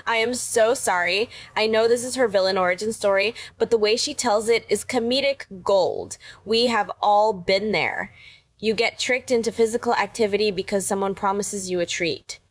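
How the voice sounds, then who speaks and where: A woman's voice: mid-range voice, normal speed, no echo. A woman delivering scripted reaction commentary in a wry, sarcastic manner.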